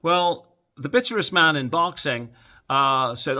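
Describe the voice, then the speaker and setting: A Canadian man offers opinionated, sarcastic boxing commentary in a casual solo monologue, full of ums and restarts. His voice is on the high side, bright and forceful, at a measured pace.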